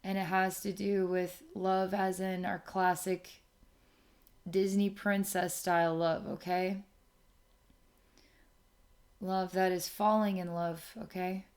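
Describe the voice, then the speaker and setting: A woman giving a channeled spiritual reading to someone, speaking softly and often checking in with "okay?". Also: lowish voice. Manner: slow, soft, repeats okay to check in. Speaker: spiritual intuitive reader.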